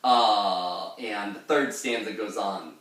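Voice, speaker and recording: A man giving a casual lesson on a poem, rambling through his explanations and sometimes breaking into a loud, gruff pirate voice to read the verses. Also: lowish voice, takes it slowly, distant mic. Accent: pirate-style put-on accent in readings. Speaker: literature lecturer. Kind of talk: informal poetry lesson with pirate-voiced readings. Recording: echoey room, voice a bit off-mic.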